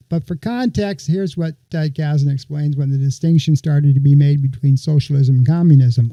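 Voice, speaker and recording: A man's voice: fairly high pitch, warm tone, no room sound, dull audio. Sarcastic man hosting a political podcast. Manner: conversational, sarcastic, addresses listeners as folks. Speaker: podcast host. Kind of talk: political commentary.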